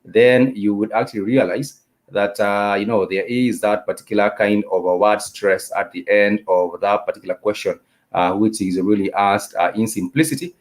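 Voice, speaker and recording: Man, low-pitched voice, live-stream language teacher, patient, repetitive, lots of fillers, spells words out. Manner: repetitive, explanatory, many "uh" and "you know" fillers; spells out letters and repeats words slowly. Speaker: Swahili teacher.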